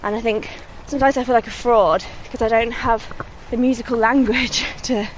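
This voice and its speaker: A woman's voice: a little high, steady tone, fairly quick, a little hiss or hum. Modest young woman chatting on a country walk. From West Midlands, England. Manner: chatty and modest, laughs often. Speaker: singer-songwriter guest. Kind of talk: casual outdoor interview on a walk. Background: faint outdoor ambience and distant vehicles.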